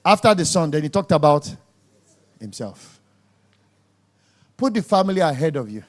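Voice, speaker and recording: A man delivers a sermon in a high voice. He preaches emphatically, scolding his listeners and hammering points home by repeating words. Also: sing-song, moderate pace.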